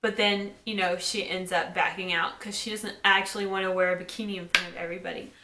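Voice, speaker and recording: A woman giving a casual recap of a TV episode, chatting and quoting characters in quick asides. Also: on the low side, flat delivery, pushed and bright. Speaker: TV episode reviewer. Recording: echoey room.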